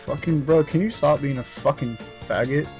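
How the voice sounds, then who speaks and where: A man's voice: on the high side, moderate pace, darkish tone, soft background music. A man playing as an online teammate, irritated, cursing and insulting the others in voice chat. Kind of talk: casual gameplay chat.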